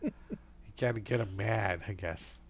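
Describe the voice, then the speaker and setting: A man's voice: on the low side, unhurried, creaky, breathy edge, muffled recording. A man running a tabletop game as game master, talking casually and rambling with many fillers.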